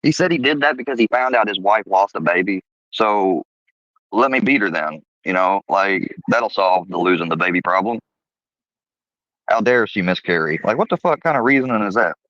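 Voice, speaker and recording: A man's voice: fairly low pitch, expressive, normal speed, a bit bright, no room sound, dull audio. A man chatting bluntly and rambling as a guest on a live stream, swearing freely, heard over a video call. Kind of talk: casual live-stream chat.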